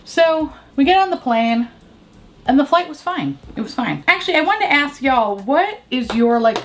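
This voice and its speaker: A woman's voice: high voice, sing-song, normal speed, slight background noise. Woman, makeup vlog chatter, swears freely, jokey and candid, laughs often. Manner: candid, profane and joking. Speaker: beauty vlogger. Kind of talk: casual makeup chat and storytelling.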